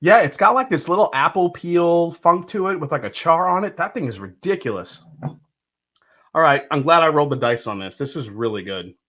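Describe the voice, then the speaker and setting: A man's voice: a little high, animated, normal speed, a bit bright. A man hosting a casual livestream, greeting viewers by name and thinking aloud as he tastes. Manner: thinks aloud while tasting. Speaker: livestream host.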